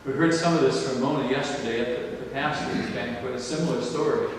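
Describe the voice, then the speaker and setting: An older male pastor delivering a slow, emphatic sermon, his voice rising on exclamations. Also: mid-range voice, slight background noise. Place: large church or banquet hall. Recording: distant, echoey hall recording.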